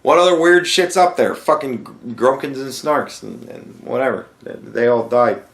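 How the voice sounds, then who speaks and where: A man's voice: mid-range voice, expressive, normal speed, gravelly. A young man hosting a podcast, ranting sarcastically and swearing constantly. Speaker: podcast host. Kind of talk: profane casual rant. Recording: echoey room.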